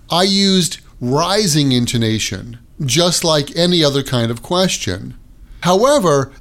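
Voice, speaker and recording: A man teaching an English grammar lesson on his podcast, with a clear and deliberate delivery. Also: a little high.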